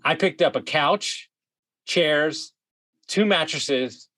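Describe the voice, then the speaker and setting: A man telling a wild story as a podcast guest, animated, swearing freely and full of "like" fillers. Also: on the high side, takes it slowly. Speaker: guest, vacation rental host. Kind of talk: casual storytelling.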